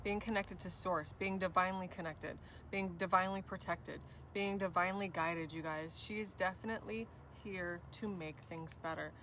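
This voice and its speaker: A woman reads tarot cards for viewers in a gushing, effusive way, often turning to them directly. Her voice is bright and forward. She sits a little back from the mic over a faint ambient hum. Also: fairly low pitch, steady tone, moderate pace, hardly any pauses, recorded from a distance. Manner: gushing, repeats "you guys", effusive praise. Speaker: tarot reader. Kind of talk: spiritual tarot reading.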